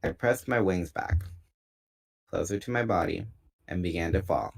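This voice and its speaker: Man, deep voice, casual book reading, easygoing delivery, small self-corrections. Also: normal speed, creaky, a little mellow. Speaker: book reader. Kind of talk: reading a novel aloud.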